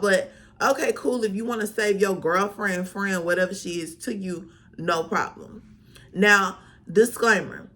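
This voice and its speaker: A woman vlogger telling a storytime, sassy and animated, full of slang. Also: medium pitch, measured pace. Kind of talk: storytime vlog.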